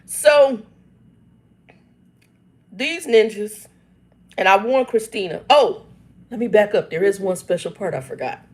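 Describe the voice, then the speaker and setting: This woman in her fifties speaks in an unhurried way, leaving long pauses, with a mid-range voice and lively intonation. As a channel host she relates a personal family story to her viewers and reads out live chat comments, laughing and exclaiming often and talking emphatically.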